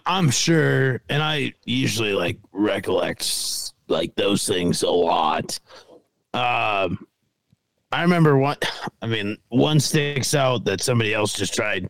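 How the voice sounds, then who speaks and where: Laid-back podcast co-host, gravelly voice with lively pitch, dry close sound. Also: male voice, no echo. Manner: laid-back, hesitant, many ums. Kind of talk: casual chat.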